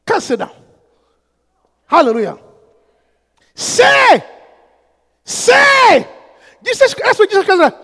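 A fervent preacher with a very high, lively voice that swings from hushed asides to shouted prayer and bursts of tongues. His tone is bright and forceful with a gravelly edge. He is heard in a hall with a long echo. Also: fairly quick, pauses often. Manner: breaks into speaking in tongues. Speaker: pastor. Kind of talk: sermon. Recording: echoey hall with long reverb.

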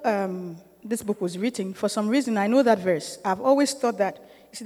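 A woman's voice: medium pitch, darkish tone, in a large hall. A middle-aged woman giving an informal sermon-style teaching to a church group, conversational and often checking in with her listeners, growing emphatic and urging.

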